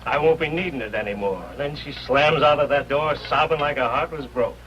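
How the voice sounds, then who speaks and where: A man's voice: fairly high pitch, fairly quick, soft background music, lightly acted. An actor playing a folksy, plainspoken older doorman in an old radio drama. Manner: folksy, ungrammatical slang. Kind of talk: 1950s radio drama acting. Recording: dull lo-fi old radio recording.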